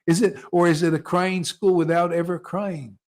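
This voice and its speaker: A man leading an informal devotional gathering, who talks in a loose, animated way, breaks into chuckles and mocks other people in put-on voices. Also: sits high, normal speed. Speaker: spiritual teacher leading satsang.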